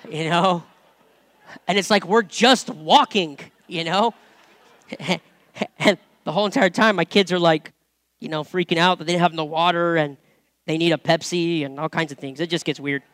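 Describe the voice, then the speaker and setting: A man's voice: fairly high pitch, fairly even intonation, moderate pace, a bit bright, no room sound. A man preaching informally from scripture, chatty and repetitive at times, building to emphatic points. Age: adult parent. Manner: conversational, repeats words, builds to emphatic preaching. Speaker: pastor or Bible teacher. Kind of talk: informal sermon with scripture reading.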